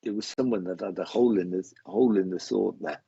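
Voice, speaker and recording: Halting, husky low-voiced man. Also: warm tone, no room sound, highs cut off. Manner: halting, repeats phrases, emotional. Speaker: psychic medium host. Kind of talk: live psychic reading.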